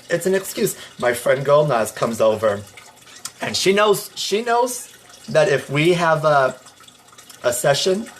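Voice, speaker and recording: A man's voice: medium pitch, a little hiss or hum. A man hosting a motivational phone livestream, talking emphatically and reading out viewer comments. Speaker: livestream host.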